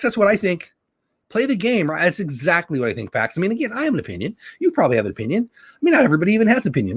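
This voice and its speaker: A man's voice: mid-range voice, no room sound. Middle-aged male host, casual home livestream, opinionated and rambling, dry close sound. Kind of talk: casual live commentary.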